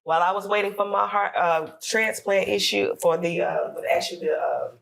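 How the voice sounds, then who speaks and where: A woman's voice: medium pitch, steady tone, brisk, vocal fry, fairly bright tone. A woman from Florida telling an emotional personal story on a podcast, acting out her prayers and what others said. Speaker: podcast guest.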